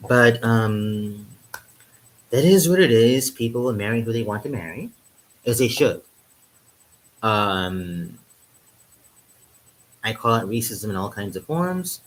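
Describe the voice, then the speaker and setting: With a lowish, animated voice, the man takes his time and pauses often, though the recording quality is low. He's a vlogger drinking wine indoors in Europe, rambling jokingly to camera with plenty of "um"s and laughs at his own jokes.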